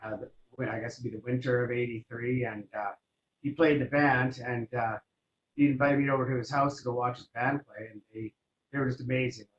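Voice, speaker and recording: A man's voice: medium pitch, steady tone, a little fast. A man in his fifties, a guest drummer telling his story casually, with many fillers. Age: 50s. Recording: roomy, dull sound, faint noise.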